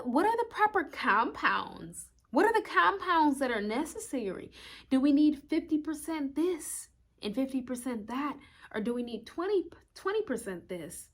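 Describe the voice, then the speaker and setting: A young woman astrologer talking casually in a vlog, rambling through rhetorical questions and swearing now and then. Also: sits high.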